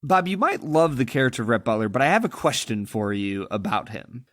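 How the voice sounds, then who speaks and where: A man's voice: mid-range voice, sing-song, a little fast, fairly bright tone, no echo, clean studio sound. A man co-hosting a podcast, talking about a film in an emphatic, opinionated way. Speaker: podcast co-host. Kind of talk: casual film discussion.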